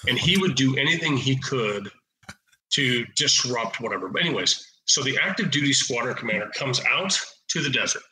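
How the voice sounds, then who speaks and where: A man in his forties from Oregon, a podcast guest and retired officer, telling lively anecdotes in a casual, blunt, salty way. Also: mid-range voice, normal speed, echoey room, rough recording. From Oregon, USA. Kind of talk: casual storytelling.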